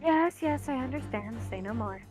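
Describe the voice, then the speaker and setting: A woman's voice: high voice, animated, normal speed, a little mellow, faint music behind, voice pushed up. A woman voicing a polite young female assistant in a fan dub of a game.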